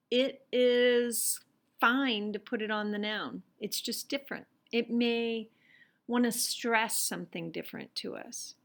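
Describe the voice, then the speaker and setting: A woman's voice: fairly high pitch, fairly bright tone. A woman teaching Latin, patiently walking through worksheet examples and sounding out each phrase. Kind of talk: explaining worksheet exercises.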